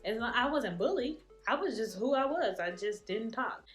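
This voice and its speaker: A woman's voice: fairly high pitch, expressive, normal speed, a bit bright, soft background music. A young woman tells a candid personal story, laughing often and slipping into playful voices. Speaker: vlogger.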